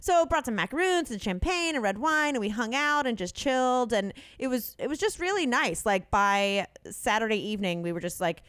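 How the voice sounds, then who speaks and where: A woman's voice: on the high side, lively intonation, moderate pace, hardly any pauses, fairly bright tone, clean tone, no echo. Chatty woman telling rambling stories, dry sound. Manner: chatty storyteller, rambling with many fillers. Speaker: podcast co-host. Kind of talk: casual chat.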